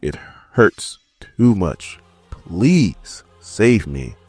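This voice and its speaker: A man doing a low, hungry crocodile monster. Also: sing-song, drawn-out words, darkish tone, husky, faint music behind, full character voice. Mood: pleading.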